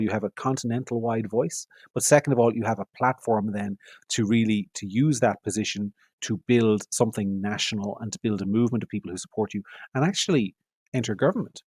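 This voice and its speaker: A middle-aged man with an Irish accent speaks quickly, fluently and analytically, stacking his points one after another. His voice sits slightly low. The sound is close and dry, with no room echo. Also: slightly rough. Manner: fluent, analytical, repeats phrases for emphasis. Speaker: guest, media editor. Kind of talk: podcast interview answers.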